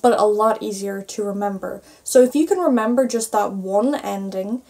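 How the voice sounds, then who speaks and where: A woman's voice: mid-range voice, normal speed, darkish tone. A young Irish woman with an Irish accent giving a patient language lesson, spelling endings out letter by letter. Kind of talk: online grammar lesson.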